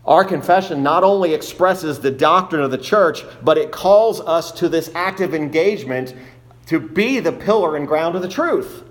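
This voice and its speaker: A man's voice: fairly high pitch, animated, normal speed. A man preaching a sermon as pastor, earnest, reading scripture aloud in old King James wording.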